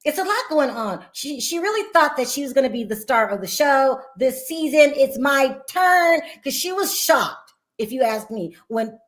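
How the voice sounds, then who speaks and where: A woman with a high, light voice hosts a casual gossip talk show. She talks bluntly and with animation, and she laughs easily as she gives her opinions. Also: expressive, moderate pace, few pauses. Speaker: podcast host.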